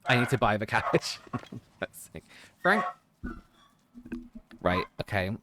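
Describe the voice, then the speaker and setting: A man's voice: on the low side, sing-song, takes it slowly, noisy background. A man streaming a game, chatting casually and rambling as he plays, often breaking into laughter. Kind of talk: casual chat while playing a game.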